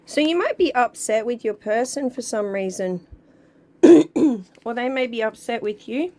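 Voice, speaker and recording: A woman giving a casual, chatty tarot card reading to her viewers, talking at an easy, drawn-out pace. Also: fairly high pitch, animated, dark tone. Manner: chatty, drawn-out, sings song lyrics along. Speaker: tarot reader.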